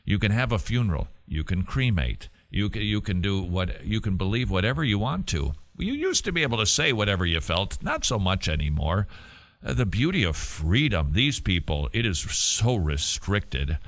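A man's voice: fairly low pitch, sing-song, normal speed, a bit bright. A man hosting a talk show, giving emphatic, sarcastic commentary. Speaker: host.

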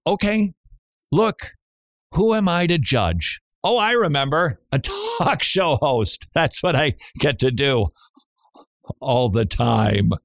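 A man's voice: mid-range voice, big pitch swings, takes it slowly, vocal fry, no echo, studio quality. A man hosting a radio talk show in a casual, joking way, laughing often and stammering on repeated words.

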